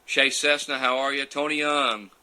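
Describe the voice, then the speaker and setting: A man's voice: mid-range voice, fairly even intonation, moderate pace, pushed and bright, clear, resonant tone, rough recording. A man answering viewer questions in a loose, chatty live session, recorded on a phone. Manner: chatty, loose and digressive, reading out comments as he goes. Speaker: champion turkey caller answering viewer questions. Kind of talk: casual live Q&A and demonstration.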